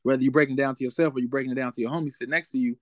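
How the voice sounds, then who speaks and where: A man's voice: medium pitch, steady tone, racing, no echo. A young man as a guest in a casual interview, talking in a laid-back way and often asking "you know what I'm saying?".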